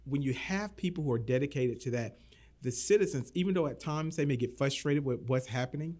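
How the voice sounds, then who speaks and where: Earnest man, city manager, mid pitch. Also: expressive, a little fast, a little mellow. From Florida. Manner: earnest, repeats words when starting. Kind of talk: casual interview talk.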